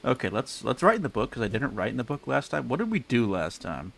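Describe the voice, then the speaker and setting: A man's voice: medium pitch, sing-song, fast talker, vocal fry, hardly any pauses, fairly bright tone, soft background music. A man casually rambling through live gameplay commentary, chatty and self-mocking, speaking into a desk mic with a pop filter. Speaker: game streamer.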